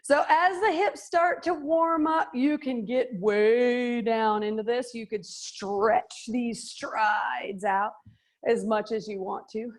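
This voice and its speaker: A woman's voice: a little high, steady tone, slow. A middle-aged woman instructing a live workout class, upbeat and joking, counting out reps and slightly out of breath. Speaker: fitness and yoga instructor.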